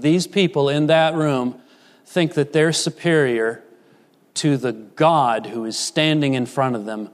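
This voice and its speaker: Preacher with hall reverb. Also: male voice. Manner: dramatic swings between rising emphasis and hushed low asides. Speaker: pastor. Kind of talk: sermon.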